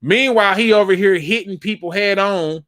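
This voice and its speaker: Fired-up sports talk host, high voice. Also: male voice, moderate pace, sharp tone. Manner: emphatic, repetitive, fired-up; addresses the audience as "y'all". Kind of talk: live sports talk show, breaking down game film.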